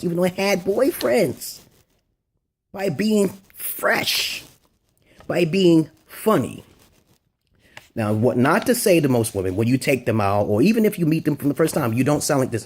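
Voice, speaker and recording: Male vlogger, husky, blunt and crude, loose off-the-cuff advice monologue. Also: medium pitch, darkish tone. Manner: blunt, rambling and crude, with frequent "okay?" check-ins.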